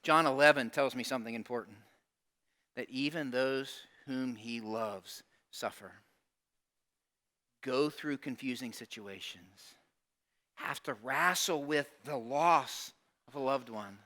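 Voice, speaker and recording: Bright-voiced man preaching a sermon. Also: medium pitch, slow, pauses often. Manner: animated preaching, acting out quoted voices, asking the congregation questions. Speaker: pastor.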